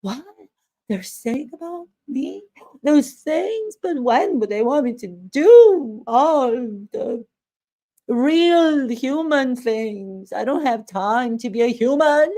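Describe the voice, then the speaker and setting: A woman's voice: high voice, expressive, slow pace, mellow, voice pushed up. A woman putting on a flustered, self-important caricature of a duchess, with gasping, overdone exclamations. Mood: mock-flustered.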